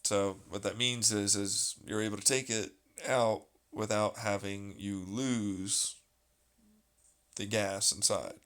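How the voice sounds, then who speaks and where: A man's voice: fairly low pitch, steady tone, slow, a bit bright. A man in casual, rambling chat, sarcastic and full of swearing.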